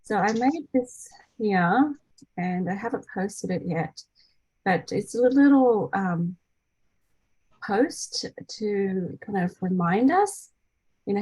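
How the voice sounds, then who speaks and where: A woman's voice: medium pitch, slightly rough, no room sound, poor audio. A woman in her thirties hosting a casual group call, chatty, with many fillers and restarts. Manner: acts out quoted voices brightly. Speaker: meeting host, energy healer.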